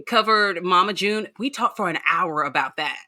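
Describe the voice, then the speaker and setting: A woman talking in a casual, animated podcast chat about celebrity gossip. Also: on the low side, normal speed. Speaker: podcast guest host.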